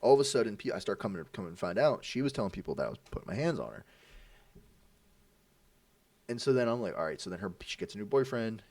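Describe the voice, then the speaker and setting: A young man in his twenties tells a story with a lowish voice that swings widely in pitch. He acts out the voices of the people in his story and swears a lot. The sound is dry and a little distant from the mic. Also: lively intonation, quick pace, pauses often, darkish tone, dry recording. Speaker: podcast co-host. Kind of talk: casual storytelling.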